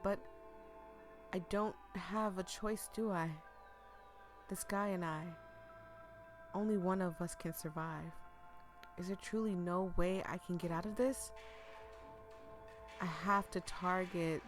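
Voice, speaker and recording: A woman reading a story game aloud, breaking off into excited, chatty asides, and losing her voice. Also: lowish voice, measured pace, pauses often, soft background music. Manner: excitable, chatty asides between read lines. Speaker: gaming streamer. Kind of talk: reading a visual novel aloud with live reactions.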